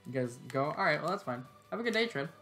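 A man's voice: fairly high pitch, lively intonation, quick pace, sharp tone, faint music behind. A tired man giving laid-back, joking live-stream commentary while he plays a game, swearing and chuckling often.

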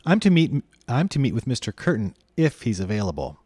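A man's voice: medium pitch, big pitch swings, a little fast, dark tone, slightly rough, dry recording, clean studio sound. A man reading aloud, voicing an anxious, frightened young boy who pleads and frets. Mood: distraught. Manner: trembling, pleading, fretful.

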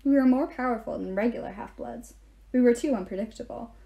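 A woman reading a novel aloud, telling the story in first person in an even way. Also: on the high side, a little fast, gravelly, highs cut off. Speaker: reader.

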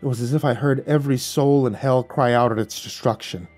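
A man reading a horror story aloud in a measured, dramatic storytelling voice. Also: medium pitch, darkish tone. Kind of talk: scripted horror narration. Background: faint music.

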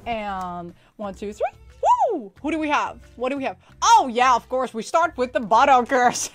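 A woman hosting a casual anime recap and toy unboxing, excitable and often laughing as she acts out lines. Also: fairly high pitch.

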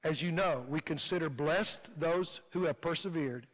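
Male pastor, Midwestern American accent, fervent repeating sermon cadence, fairly high voice, long hall reverb. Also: normal speed. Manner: fervent, repetitive preaching cadence. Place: church sanctuary.

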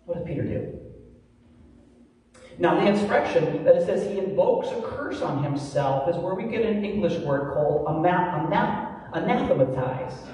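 Slow-preaching pastor in an echoey church. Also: male voice, a little high, distant mic, a little hiss or hum. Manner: slow, emphatic preaching with dramatic pauses and hushed lines. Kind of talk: sermon. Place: large church sanctuary.

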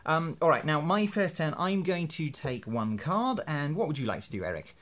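A man's voice: on the high side, sing-song, normal speed, a bit bright. A man explaining a teaching card game in a playful, self-deprecating, hammy way. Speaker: university lecturer making teaching videos. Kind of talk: educational explainer.

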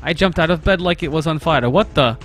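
A man's voice: a little high, fairly quick, a bit bright, soft background music, lightly acted. A man voicing a nervous, sarcastic young Russian man alone at night, with a put-on Russian accent and broken English while reading a visual novel aloud. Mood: jittery.

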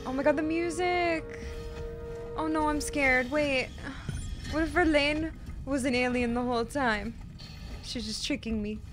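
A young woman streaming a horror game, reacting casually and excitably, swearing and gasping as she plays. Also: high-pitched, measured pace, pauses often. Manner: excitable, swears, frequent gasps and squeals. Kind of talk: casual live gameplay reactions. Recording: game music playing behind.

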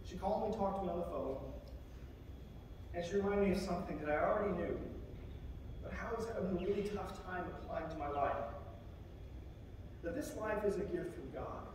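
A man's voice: sits high, brisk, long pauses, darkish tone, slight background noise. A man preaching a sermon as a military chaplain, talking in a conversational way and acting out the scripture quotes in different voices. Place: large chapel. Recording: echoey chapel from far off.

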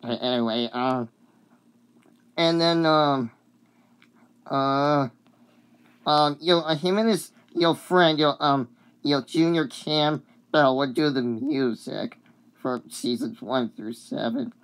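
This is a sick vlogger with a cough who talks in a slow, unhurried way about a favorite cartoon song. The voice is smooth and clear. The talk rambles and hesitates, filled with fillers and apologies. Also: medium pitch. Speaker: video uploader.

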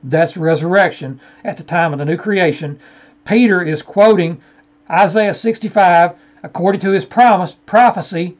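A man teaching from a shared screen, arguing a scripture point and addressing his opponent directly. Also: fairly high pitch. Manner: argumentative, repeatedly addressing an opponent by name. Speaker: Bible teacher. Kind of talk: screen-share Bible study rebuttal.

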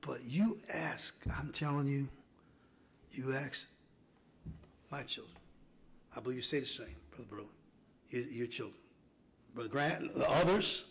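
Male preacher, gravelly tone, fervent sermon delivery with hushed passages and shouted peaks. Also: mid-range voice, unhurried, pauses often, low-quality recording. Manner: builds from hushed murmurs to hoarse shouting. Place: church sanctuary.

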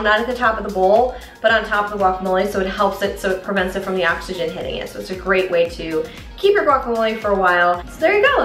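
A woman's voice: medium pitch, a bit bright. A playful woman talks through a casual cooking demo in her home kitchen, tossing in jokey asides. She sits back from the mic, and her voice rings in the room over faint music. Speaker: cooking vlogger. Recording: roomy echo, mic at a distance, faint music.

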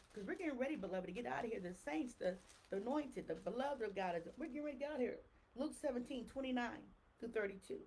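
A woman preacher reading scripture slowly and solemnly, breaking into lively exclamations and asides to her congregation. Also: a little high, husky.

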